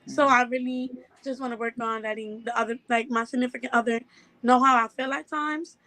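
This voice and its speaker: Hesitant young woman, bright high voice, dry mic. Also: steady tone, a little fast, no echo, rough recording. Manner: hesitant, many ums. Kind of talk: casual podcast talk.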